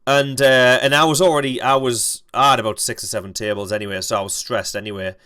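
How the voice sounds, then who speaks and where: A young man streaming a game, telling a rambling, halting story and swearing freely. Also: medium pitch, fairly even intonation, sharp tone, clear, resonant tone. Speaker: gaming streamer. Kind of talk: casual storytelling while playing.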